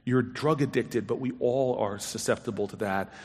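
A man's voice: mid-range voice, moderate pace, darkish tone. A man telling a personal story to an audience, acting out the quoted dialogue with big jumps in his voice. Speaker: storyteller on stage. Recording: long hall reverb.

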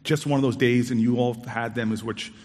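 Male storyteller, mid-pitched, animated and expressive with acted-out dialogue; reverberant hall sound. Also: brisk. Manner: animated, acts out quoted dialogue with big pitch jumps. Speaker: storyteller on stage. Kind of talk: personal storytelling talk.

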